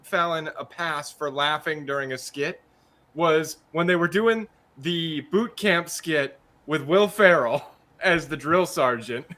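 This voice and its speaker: A man co-hosting a casual movie podcast, riffing with friends in an animated, swearing way. His voice is bright and sits a little high. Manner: animated, swearing, quick banter. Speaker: podcast co-host.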